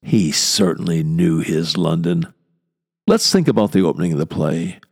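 An older man giving a measured, deliberate spoken lecture, explaining things carefully. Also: low voice, vocal fry, darkish tone, husky.

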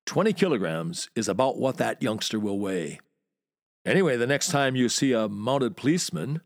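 Lively wry American man, dry mic. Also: mid-range voice, dry recording. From United States. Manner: wry, relishing words, lively storyteller. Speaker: podcast host and walking tour guide. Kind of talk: scripted podcast monologue.

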